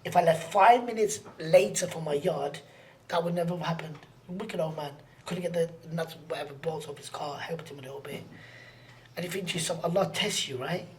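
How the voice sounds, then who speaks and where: A man telling a personal story as a podcast guest, earnest and slangy. He repeats phrases for emphasis and often drops to a hushed near-whisper. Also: a little high, fairly quick.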